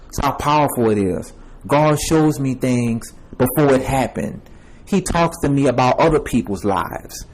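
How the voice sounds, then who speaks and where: A man's voice: medium pitch, lively intonation, measured pace, poor audio. A young man giving a repetitive, emphatic personal testimony, addressing viewers as y'all and man. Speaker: self-made video preacher.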